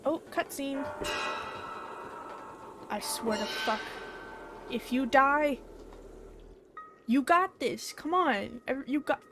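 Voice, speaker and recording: A young woman streamer chatters through a game in a slightly high voice, excitable and quick to swear. She talks straight to the characters on screen. Her home stream audio carries a steady layer of background noise. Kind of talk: casual gameplay commentary. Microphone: desk mic.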